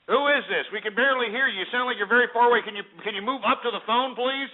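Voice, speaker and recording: A man's voice: very high-pitched, racing. A man hosting a call-in radio show, ranting and insulting callers in an abrasive manner. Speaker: radio host. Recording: tinny phone-like audio.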